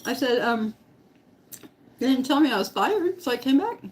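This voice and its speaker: A woman's voice: high voice, lively intonation, moderate pace. Giggly woman telling a story. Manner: giggly, laughs often while talking; eating while talking. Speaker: vlogger. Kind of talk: casual storytelling to live chat.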